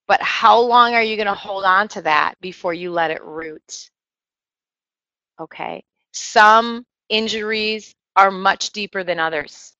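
Bright-voiced woman preaching conversationally. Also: on the low side, no echo, highs cut off. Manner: earnest, conversational, self-deprecating asides. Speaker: speaker teaching a church group. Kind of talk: sermon.

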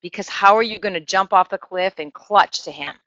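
Woman teacher, earnest informal sermon, bright tone, dry slightly dull recording. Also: mid-range voice, fairly quick, no room sound. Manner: earnest, conversational, self-deprecating asides. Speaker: speaker teaching a church group.

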